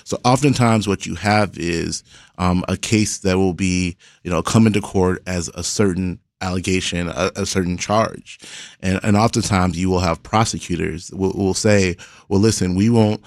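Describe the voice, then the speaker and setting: A man who is a public defender, a studio guest explaining the legal system in a measured way. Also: low-pitched, fairly even intonation, no echo. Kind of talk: radio interview.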